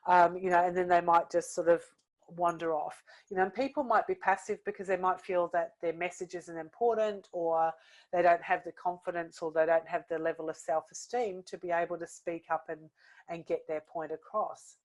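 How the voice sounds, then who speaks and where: A woman's voice: on the low side, fairly even intonation, moderate pace, darkish tone, low-quality recording. A middle-aged woman with a British accent giving a casual webinar talk, speaking on a computer mic and using many "you know" fillers. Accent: British English. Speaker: webinar presenter on workplace wellbeing.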